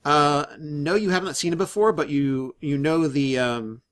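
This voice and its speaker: This game master has a fairly high, slightly bright voice. As he narrates the tabletop game, he hesitates often, using lots of fillers and starting over repeatedly.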